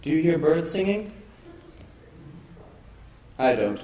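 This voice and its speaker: A man performs a lonely, brooding actor musing to himself on stage. His slightly high voice unfolds slowly and wistfully, echoing in a large room with faint room noise. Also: big pitch swings, dark tone. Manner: slow, musing, wistful delivery. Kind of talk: stage monologue. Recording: echoey stage recording.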